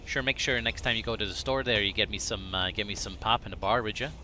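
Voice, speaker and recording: A chummy Minnesotan man rolls out his words in a folksy, sing-song lilt, as a man puts the voice on. The tone is bright and forward, and he speaks at a brisk clip. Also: lowish voice, a little hiss or hum.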